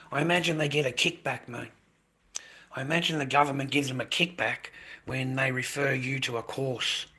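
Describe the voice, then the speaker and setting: Gravelly man, blunt and sweary. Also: mid-range voice, pushed and bright. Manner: swearing, aggressive, blunt, calls people mate. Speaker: livestreamer. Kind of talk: casual livestream chat with viewers.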